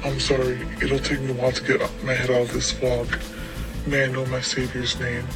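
A man voicing a weakened but defiant young man in an audio story, quiet and bitter. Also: medium pitch, completely flat delivery, a little fast, natural voice, rough recording. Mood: soft weary. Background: background music.

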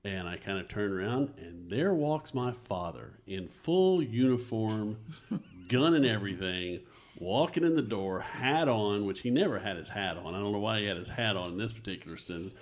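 A middle-aged man sits in as podcast host and spins childhood stories in a relaxed, lively way, laughing often. His voice sits on the low side. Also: moderate pace. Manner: animated storyteller, laughs often. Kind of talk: casual family conversation.

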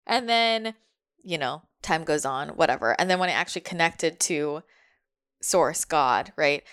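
A woman's voice: low-pitched, lively intonation, a little slow, a bit bright, clean tone. A young adult woman speaking casually as a spiritual medium, chatty and full of fillers, passing on what her spirit guides are telling her.

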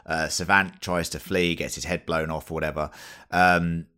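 A man's voice: sits low, flat delivery, moderate pace, bright, forceful tone, clear, resonant tone. A man co-hosting a casual film review chat, enthusiastic and swearing freely as he acts out lines. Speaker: podcast co-host.

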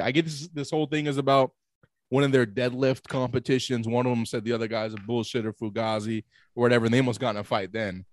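A man's voice: medium pitch, dry recording, studio quality. A man chatting casually as a podcast co-host, rambling and swearing, with lots of filler words. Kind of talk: casual chat.

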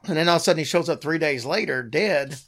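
A hoarse man hosting a casual podcast, telling stories in an animated way and often restarting his sentences. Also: a little high, quick pace. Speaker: podcast host.

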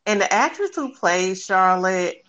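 A co-host of a casual TV recap podcast, talking slowly and thoughtfully with fillers. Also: medium pitch, expressive, a bit bright. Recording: dull lo-fi sound with faint room noise.

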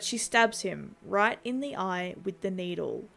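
A woman's voice: medium pitch, lively intonation, unhurried, gravelly, a bit bright. A woman narrating a movie recap in a conversational tone, dropping in wry asides.

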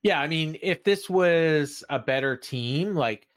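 A man's voice: on the high side, animated, slow pace. Man recapping wrestling in a casual chat. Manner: recaps at length, acting out quoted lines in a raised voice. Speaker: podcast co-host.

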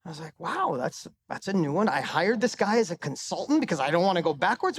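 A man's voice: high voice, sing-song, quick pace, breathy edge. A middle-aged man giving a live motivational talk on stage into a microphone, telling a personal story with emphatic swearing and a voice that climbs for punchlines. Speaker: motivational speaker.

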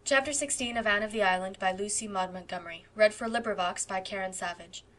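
In a mid-range voice, a female audiobook reader narrates a classic novel from a script. Her pacing is measured and her reading expressive.

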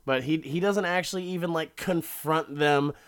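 A man's voice: fairly high pitch, normal speed, smooth. A man casually recapping a story, profane and rambling, often repeating words.

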